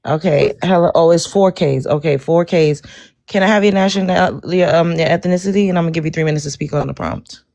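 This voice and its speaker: A blunt, animated woman from Brooklyn. She hosts a livestream and talks straight to her chat. She is frank and outspoken. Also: fairly low pitch, fairly quick, creaky. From Brooklyn, New York. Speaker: livestream host. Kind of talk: casual livestream talk.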